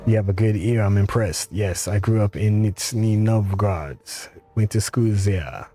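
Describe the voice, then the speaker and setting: A man voicing a pleasant, cultured male engineer with a faint Russian accent, speaking politely and in a measured way. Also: lowish voice, warm tone, soft background music, natural voice. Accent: faint Russian, put on.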